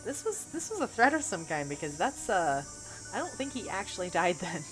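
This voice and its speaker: Low-voiced woman streamer, Missouri twang. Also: big pitch swings, a little fast, fairly bright tone. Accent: Missouri Bootheel twang. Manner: chatty, thinks aloud, reads chat. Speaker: game streamer. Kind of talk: livestream gameplay commentary. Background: game music and cicadas.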